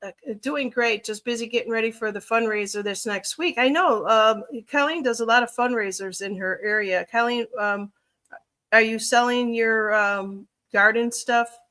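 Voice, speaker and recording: Chicago woman hosting a loose livestream, bright tone, lots of ums and thinking aloud. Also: a little high, moderate pace. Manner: rambling, thinks aloud with many fillers. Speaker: livestream reader. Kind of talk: casual livestream chat.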